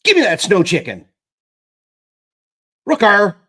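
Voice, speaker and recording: An eager young boy who shouts and hollers in a pitched-up, bright voice, as a man puts him on while reading aloud. His lines burst out loud and high. Storybook energy, excited and demanding. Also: takes it slowly, full character voice.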